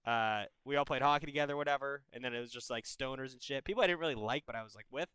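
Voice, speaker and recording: A man's voice: mid-range voice, racing, bright, forceful tone, smooth, no echo, low-quality recording. A man in his twenties hosting a call-in advice stream, giving blunt, profane, brotherly advice in casual chat. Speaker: advice show host.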